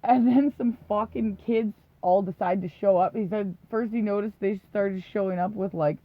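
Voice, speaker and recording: A woman's voice: mid-range voice, normal speed. A woman co-hosting a podcast, telling profane, rambling stories in casual chat, often laughing and acting out what people said. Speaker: podcast co-host. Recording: dull lo-fi dry recording.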